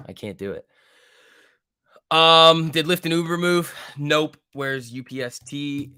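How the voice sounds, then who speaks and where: A man's voice: mid-range voice, expressive, normal speed, bright, forceful tone, smooth, dry recording, studio quality. A man hosting a live trading stream, talking loosely and thinking aloud as he reads the market, with the odd swear word. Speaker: stock trading stream host. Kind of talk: casual live market commentary.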